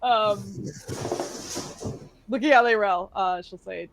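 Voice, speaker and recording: A woman narrating as dungeon master, chatty and quick to laugh, with casual asides. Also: medium pitch, dry recording. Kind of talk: narrating a tabletop game.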